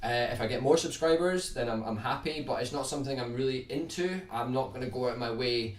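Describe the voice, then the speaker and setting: A young Scottish man talks casually on a livestream, with his accent softened, and he rambles and restarts his words. He sits back from the mic in a roomy space. A faint hiss runs under his voice. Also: mid-range voice, quick pace, far from the mic. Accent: Scottish, toned down. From Scotland. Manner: relaxed, rambling, restarts words, reads out chat comments. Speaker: guitar YouTuber hosting a livestream.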